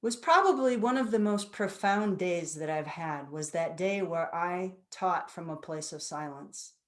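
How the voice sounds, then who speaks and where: A woman's voice: lowish voice, lively intonation, measured pace. A woman in her fifties giving a personal storytelling talk as a guest speaker at a spiritual center, earnest and reflective. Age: 50s.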